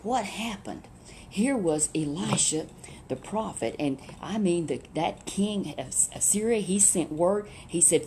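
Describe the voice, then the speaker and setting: A woman casually retelling a Bible story, chatty and animated, with many rhetorical questions. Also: on the low side, a little slow, slight background noise.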